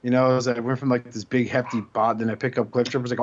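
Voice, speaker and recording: A man's voice: mid-range voice, flat delivery, fast. A man co-hosting a casual podcast, rambling with lots of hesitant fillers. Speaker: podcast co-host. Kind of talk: casual chat. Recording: dull lo-fi audio.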